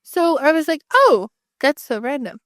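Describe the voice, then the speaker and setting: A woman's voice: sits high, moderate pace, no echo, studio quality. A woman co-hosting a podcast, telling stories in casual chat and acting out what people said. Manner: animated storytelling, acts out voices. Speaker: podcast co-host.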